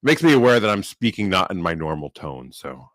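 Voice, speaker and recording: Low, lively man with a braces lisp. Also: brisk, no echo. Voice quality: slight lisp from new braces. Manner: chatty, rambling with restarts. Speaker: podcast co-host. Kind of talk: casual chat.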